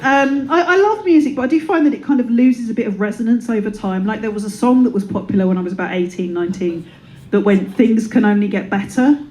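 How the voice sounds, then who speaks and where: A woman in her thirties does a stand-up set at a comedy club before a live audience, playful and self-deprecating, dropping into silly voices. Her fairly high-pitched voice is fast and darkish in tone. The audio is poor, with a little hiss or hum and audience laughter in the live room.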